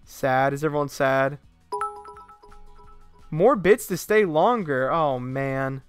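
A young man streaming a game live, giving excitable commentary full of profane trash talk. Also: fairly high pitch, slow pace, clean tone, soft background music.

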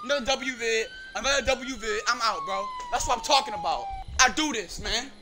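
A man giving excitable, slangy gameplay commentary, reacting loudly as he plays. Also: very high voice, fairly quick. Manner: casual slangy talk. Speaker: gaming channel host. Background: game music.

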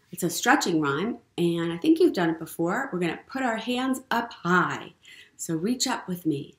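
A woman leading a storytime for young children as a librarian, gentle and encouraging, often asking the kids questions. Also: on the low side. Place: public library program room. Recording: roomy room echo.

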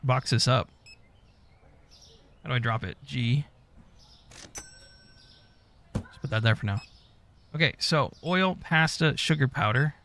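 Gravelly man muttering through gameplay. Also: medium pitch, fairly bright tone, slight background noise. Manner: mutters to himself, swears often. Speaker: gaming YouTuber. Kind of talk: casual gameplay commentary.

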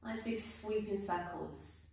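Calm woman guiding yoga in echoey room. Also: mid-range voice, takes it slowly. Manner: calm, gently encouraging cues. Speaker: yoga teacher. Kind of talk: guided yoga class instruction. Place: indoor room, teacher on her mat. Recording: echoey room, voice from a distance, faint background noise.

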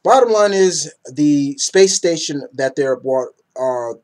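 A man's voice: on the high side, expressive, takes it slowly, darkish tone. A man in his thirties casually reviewing comic books, enthusiastic and rambling, often tripping over names.

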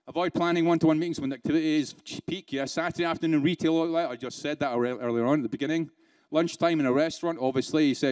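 A British man delivers a conference keynote in a chatty way, firing rhetorical questions at the room and slipping into dry sarcasm. His voice sits a little high for a man and sounds close and dry. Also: fairly even intonation, racing, hardly any pauses, darkish tone, clear, resonant tone, no room sound. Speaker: keynote speaker.

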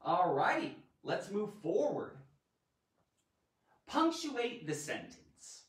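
A man hosting a live online grammar lesson in a playful, animated way, tossing in silly sound effects. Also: sits high, slow. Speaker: grammar teacher and show host. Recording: roomy echo, mic at a distance.

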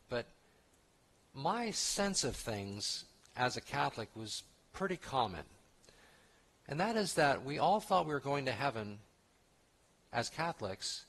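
A man's voice: mid-range voice, a bit bright, breathy edge. A man pastor giving an expository sermon in a conversational, emphatic way, with restarts and asides.

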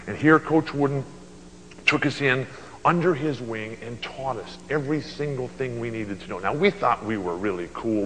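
A man in his sixties giving an animated keynote at a luncheon, telling stories and acting out voices. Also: lowish voice, long reverb tail, a little hiss or hum, poor audio. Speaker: motivational speaker. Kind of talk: storytelling keynote speech. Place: banquet hall at a luncheon.

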